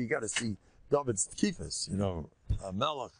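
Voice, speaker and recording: An older man, a rabbi giving a Torah class, retelling a story in an animated, colloquial way with Hebrew and Yiddish terms mixed in. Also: medium pitch, normal speed, dry recording.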